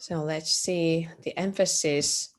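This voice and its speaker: A woman gives an art lecture in a classroom. She speaks slowly and a little low, pausing on fillers and often clearing her throat as she goes. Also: fairly even intonation. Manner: slow and hesitant, with frequent fillers and throat clearing. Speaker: art teacher.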